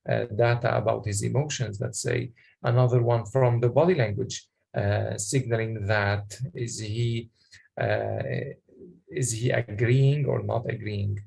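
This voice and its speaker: A man presenting a workshop, explaining in a halting way with many pauses and questions to the audience. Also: medium pitch, creaky, a little mellow, slightly rough.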